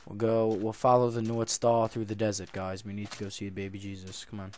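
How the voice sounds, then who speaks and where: While playing a game, this young YouTuber chats casually, drops to low mutters, bursts out loudly in excitement, then settles again. He talks a little fast, with slight background noise.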